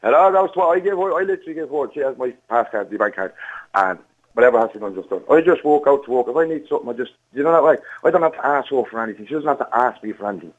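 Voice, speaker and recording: Irish male co-host, rapid and animated, slightly dull sound. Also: medium pitch. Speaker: radio co-host.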